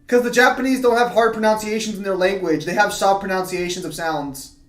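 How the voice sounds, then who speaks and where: A man's voice: sits high, fairly even intonation, brisk. A man hosting a casual gaming chat with friends, teasing and laughing often. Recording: echoey room.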